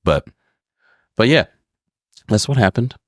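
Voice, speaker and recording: A man co-hosting a podcast, telling a story in an animated, casual way and swearing freely. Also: lowish voice, slow pace, no echo, clean studio sound. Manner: animated, swears freely, acts out voices in his stories. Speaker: podcast co-host.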